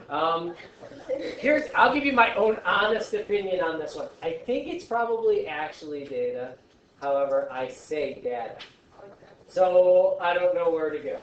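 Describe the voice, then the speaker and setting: A man teaching a science class, talking in a chatty, joking way with animated asides to his students. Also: on the high side, moderate pace, highs cut off. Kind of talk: classroom lesson. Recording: echoey classroom from far off.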